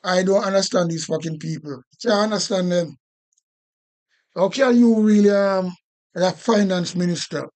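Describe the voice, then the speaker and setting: A man's voice: high-pitched, moderate pace, darkish tone. A man with a Jamaican accent ranting indignantly on a live stream, repeating himself and swearing. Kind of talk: casual political rant.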